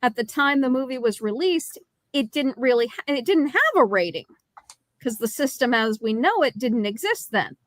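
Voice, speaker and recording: Female co-host, fairly high voice, dry close sound, measured and analytical. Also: big pitch swings, no echo. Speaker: podcast co-host. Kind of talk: casual movie review chat.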